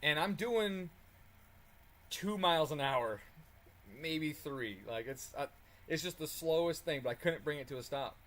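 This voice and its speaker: Swearing, animated man with a higher voice. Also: moderate pace. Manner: animated, swears freely, chuckles as he talks. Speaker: car tuning channel host. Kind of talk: casual storytelling while working on a car.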